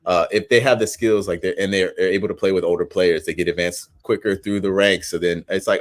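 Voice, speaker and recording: Low-pitched male co-host, loose rambling chat, filler-heavy delivery. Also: steady tone, brisk, hardly any pauses. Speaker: watchalong co-host. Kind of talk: casual chat.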